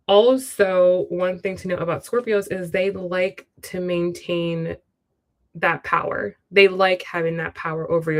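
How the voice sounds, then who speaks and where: A woman giving a casual tarot reading on a livestream, chatty and speaking straight to the viewer. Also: lowish voice. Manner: chatty, full of "like" and "you know". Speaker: tarot reader.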